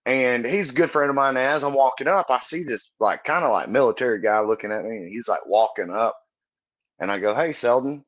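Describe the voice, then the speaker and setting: A man's voice: medium pitch, fairly bright tone, highs cut off. Earnest, profane man telling stories. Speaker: comedian guest. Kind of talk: casual podcast storytelling. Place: Texas.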